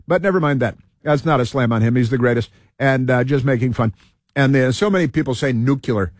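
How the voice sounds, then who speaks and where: A man's voice: mid-range voice, no echo, clean studio sound. Rambling heated male talk host. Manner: halting, many fillers and restarts, heated. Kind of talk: rambling political monologue.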